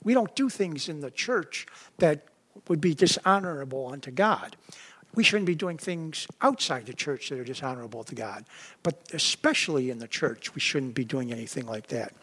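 A man preaching a sermon in a high voice, relaxed and conversational. He keeps checking in with "right?" and "you know", and acts out quoted voices with sudden rises in pitch. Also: normal speed, breathy edge. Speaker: pastor.

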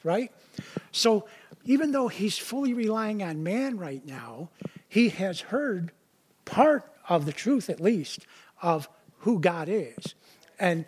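A man's voice: high-pitched, a little mellow, slightly rough. A man preaching a sermon in a conversational way, often stopping to explain the verses he reads. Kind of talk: casual sermon.

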